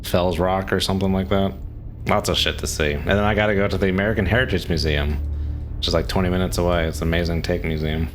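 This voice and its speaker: Very deep-voiced male streamer. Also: quick pace. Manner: chatty, reads and answers chat questions; relaxed, frequent chuckles. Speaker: game streamer. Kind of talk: casual live-stream commentary.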